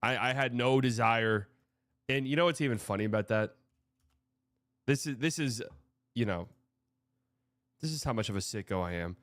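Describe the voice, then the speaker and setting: A man's voice: medium pitch, normal speed, pauses often, fairly bright tone, dry recording, studio quality. A man hosting a live stream, talking through sports news in a frank, rambling way, swearing often and restarting sentences. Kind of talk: casual live-stream commentary.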